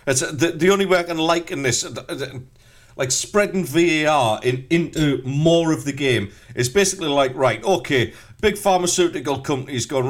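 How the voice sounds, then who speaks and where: A man's voice: on the high side, normal speed. A man on a football chat panel, exasperated, building analogies to make his point. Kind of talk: casual chat.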